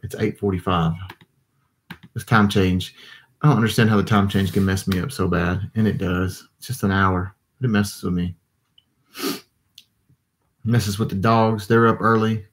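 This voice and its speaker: A man's voice: low voice, fairly even intonation, moderate pace, pauses often. A man, chatting casually with his livestream viewers and reading their comments, tired and yawning. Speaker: livestream host. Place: home desk with computers.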